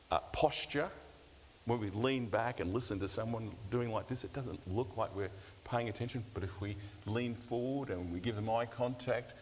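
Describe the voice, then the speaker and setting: An older man, a pastor teaching a seminar session in a conversational, self-deprecating way with light humour. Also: mid-range voice. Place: church hall. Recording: long church-hall reverb, faint hiss.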